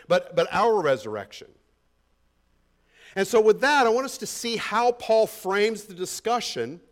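A man with a notably high speaking voice preaches through a passage of scripture. He talks to the congregation in a conversational way, presses his points with emphasis and keeps asking them rhetorical questions. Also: fairly bright tone. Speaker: pastor. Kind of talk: expository sermon.

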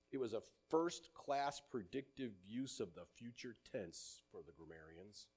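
A man's voice: lowish voice, animated, unhurried, few pauses, husky. Earnest male preacher delivering a sermon. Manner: earnest preaching, quoting scripture in older English, soft drops at line ends.

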